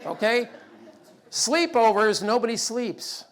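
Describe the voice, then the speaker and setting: A middle-aged man tells humorous stories in a very high-pitched voice, taking his time while some chatter goes on behind him. He's animated, acting out the dialogue in a raised voice.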